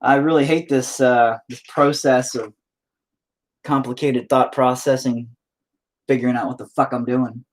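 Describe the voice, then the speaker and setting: A man's voice: mid-range voice, steady tone, normal speed. A man talking to himself while painting, casual, profane and self-mocking, rambling and frustrated as he thinks aloud. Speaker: painting vlogger.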